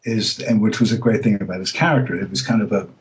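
A male voice actor being interviewed, telling stories in a relaxed, casual way with many fillers and restarts. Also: on the low side, quick pace, poor audio. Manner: relaxed storytelling, laughs easily.

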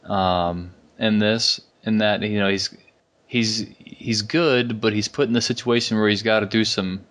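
A man with a lowish voice hosting an interview podcast. He talks casually and thinks aloud, correcting himself as he goes. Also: fairly even intonation, a bit bright. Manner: thoughtful, slightly halting. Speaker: podcast host.

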